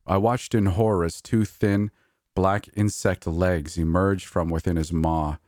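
A man reading a horror audiobook in a steady, measured way. His voice is very low, and the recording is dry and close, with no room echo. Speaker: narrator.

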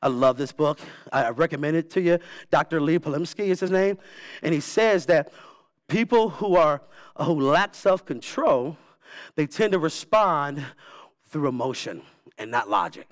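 A man preaching a sermon as pastor, animated and emphatic, repeating key words for effect. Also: on the high side, moderate pace. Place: church.

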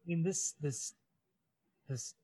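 Deadpan man co-hosting a podcast. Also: a little high, takes it slowly, slightly rough, dry recording, poor audio. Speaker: podcast co-host. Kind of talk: casual chat.

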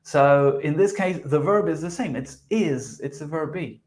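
A native Spanish speaker with a South American accent co-hosts a podcast lesson, patiently walking through English grammar as a teacher and chuckling when he slips up. His voice is a little high and a little mellow, expressive, and he speaks a little slowly.

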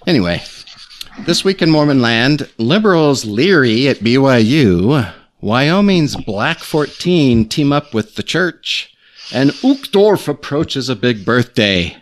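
A man's voice: medium pitch, very animated, takes it slowly. A man hosting a casual podcast, joking with his co-hosts and reading news items aloud. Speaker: podcast host.

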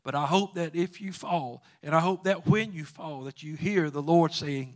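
A man preaching a sermon, quoting scripture and swinging between loud exhortation and quiet asides. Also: a little high, moderate pace, hardly any pauses, no room sound, studio quality.

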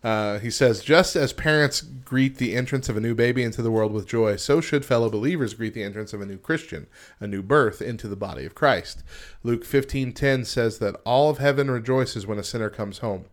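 A man's voice: mid-range voice, fairly quick. A man co-hosting a morning radio show, reading news and articles aloud and chatting loosely with a frequent laugh. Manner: laughs often, reads aloud then riffs loosely. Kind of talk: casual radio chat and reading.

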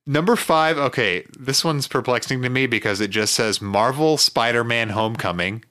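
Male podcast co-host, bright tone, dry sarcastic humor, casual banter. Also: medium pitch, normal speed. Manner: dry, sarcastic jokes with frequent laughs. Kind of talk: casual comedic chat.

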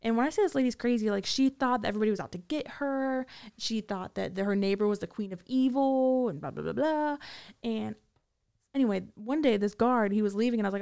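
Speaking a little fast in a smooth, darkish voice on the high side, a woman guest tells loose, rambling stories of her prison time. It's a casual interview, and she stumbles through many fillers and restarts.

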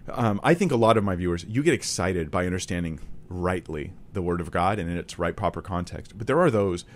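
A man's voice: lowish voice, slight background noise. A man giving a conversational Bible study, earnest and emphatic, often restating his key points. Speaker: Bible teacher.

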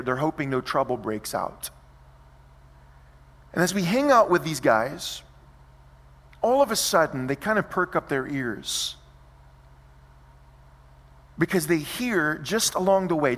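A man preaching a sermon, telling a story with lively, vivid scene-setting. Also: a little high, in a large hall. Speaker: pastor.

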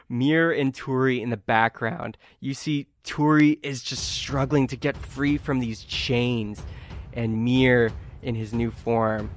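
A man narrating as game master in a tabletop game, animated and often laughing. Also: mid-range voice.

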